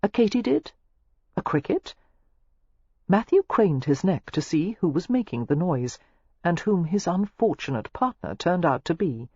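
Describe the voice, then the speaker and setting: A woman narrating a romance audiobook in a steady, expressive storytelling manner. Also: fairly low pitch, moderate pace, breathy edge, no room sound, dull audio.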